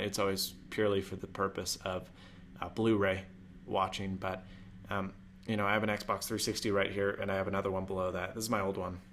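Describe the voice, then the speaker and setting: A man's voice: lowish voice, fairly bright tone. A young man hosting a casual tech live stream, chatty and rambling, with jokey asides. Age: young adult. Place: home room.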